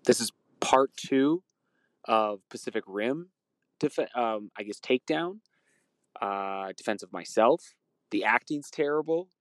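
Caller, male, mid pitch, rambling rant, dry close sound. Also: lively intonation, no room sound. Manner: rambling, indignant, halting. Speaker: voicemail caller. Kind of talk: ranting voicemail.

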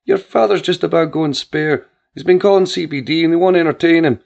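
High anxious mother near tears, a man putting her on, gravelly, dull lo-fi sound, faint music. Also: brisk, a little mellow. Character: worried tearful middle-aged mother.

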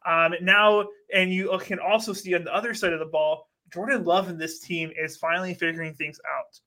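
A man co-hosting a casual football betting show, emphatic and animated as he argues his pick. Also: high-pitched. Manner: animated, emphatic, trash-talking. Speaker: co-host making picks. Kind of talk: casual sports betting chat.

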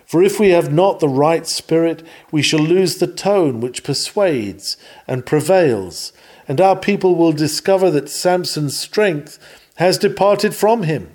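A man's voice: on the high side, measured pace, a little mellow. A man reading an old-fashioned sermon text aloud, earnest and emphatic, his voice rising on rhetorical questions.

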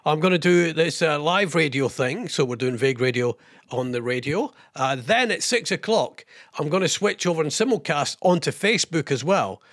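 A man's voice: fairly high pitch, expressive, normal speed, fairly bright tone, dry recording, studio quality. A British man hosting a live radio show, chatty and rambling, with lots of fillers and self-mocking asides. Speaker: radio host. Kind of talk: casual live radio presenting.

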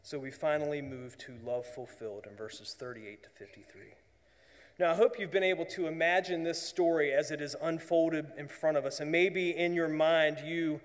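A man preaching a sermon as pastor, earnest, often dropping to a hushed voice for emphasis. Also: a little high, long reverb tail.

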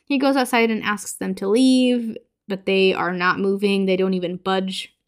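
A woman's voice: mid-range voice, steady tone, moderate pace. A woman hosting a horror podcast, recapping a movie in a chatty way full of filler words.

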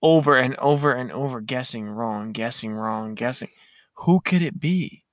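A man's voice: medium pitch, moderate pace, no echo. Young man telling a story, dry mic. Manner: animated, laughing storyteller. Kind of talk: casual storytelling.

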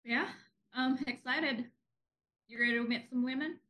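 A woman's voice: sits high, steady tone, moderate pace, pushed and bright. A young married woman co-hosting a podcast in casual chat, joking and laughing often. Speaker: podcast co-host.

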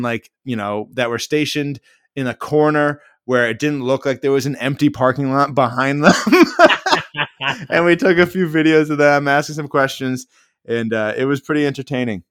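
A man's voice: medium pitch, fairly bright tone, smooth, dry recording, clean studio sound. A man, a podcast host casually telling a rambling anecdote full of "like" fillers. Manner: rambling anecdotal, frequent "like" fillers, mimics others in quotes. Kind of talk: casual storytelling chat.

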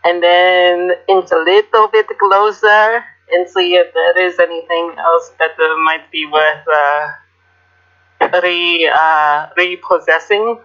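A tabletop game player speaks very slowly and haltingly, pausing on ums as they describe their character's actions. The voice sits mid-pitch. Their voice chat audio is dull and lo-fi. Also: steady tone, bright, forceful tone. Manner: hesitant, halting with fillers.

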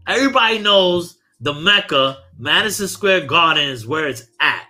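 A podcast host from Brooklyn talks in a forceful, bright voice that sits a little high for a man. His New colors a heated, profanity-laced sports rant. The tone stays casual and blunt, like chatting with friends. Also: animated, moderate pace, hardly any pauses, faint music behind. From Brooklyn, New York.

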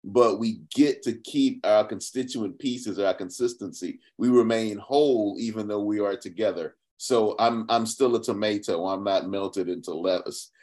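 A man hosting a podcast interview, talking in an expressive, reflective way with many restarts. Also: on the low side, moderate pace, few pauses. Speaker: podcast host. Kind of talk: conversational interview.

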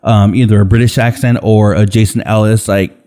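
A man's voice: fairly low pitch, steady tone, brisk, mellow. A man co-hosting a podcast in casual chat, rambling through stories with frequent swearing. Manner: rambling, swears freely, mimics others. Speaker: podcast co-host.

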